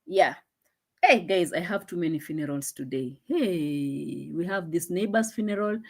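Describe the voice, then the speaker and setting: A young woman hosting a casual live stream, chatting and laughing, dropping into low asides, on a phone mic. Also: animated, unhurried, faint music behind.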